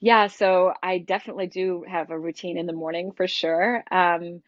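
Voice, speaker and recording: A middle-aged woman from the United States who teaches breathwork gives a casual interview in a lowish, steady voice at normal speed. She is candid and animated yet keeps restarting, and the dull lo-fi audio is dry, with no room sound.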